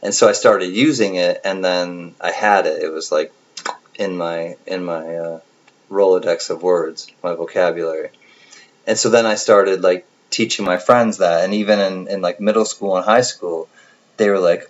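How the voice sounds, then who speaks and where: Low-voiced guy chatting slowly on a stream, rambly, dull lo-fi sound. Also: fairly even intonation. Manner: rambling, self-correcting, laughs often. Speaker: livestream host. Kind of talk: casual chat with viewers.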